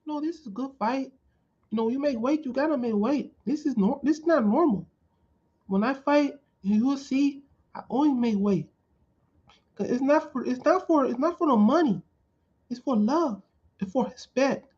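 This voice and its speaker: A squeaky, high-voiced pro fighter. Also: male voice, a little mellow, breathy edge, lo-fi sound. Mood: earnest. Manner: earnest, repetitive, halting.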